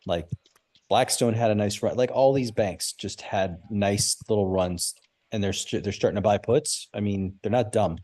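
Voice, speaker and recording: A man's voice: lowish voice, moderate pace, darkish tone. A man on a live trading stream giving casual, opinionated takes on trades. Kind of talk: live market banter.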